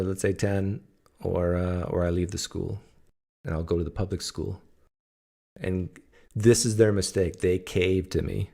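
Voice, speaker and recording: A man's voice: sits low, fairly even intonation, normal speed, vocal fry, a little mellow. A man from Canada hosting a casual livestream, telling stories in a joking, teasing way. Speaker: host.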